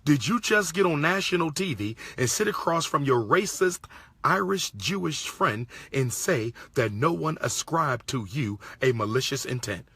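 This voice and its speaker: A man's voice: on the high side, lively intonation, moderate pace, bright, forceful tone, husky, dry recording. A man from Pennsylvania giving an indignant commentary, repeating his points and firing off rhetorical questions. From Pennsylvania, USA. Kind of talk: impassioned monologue.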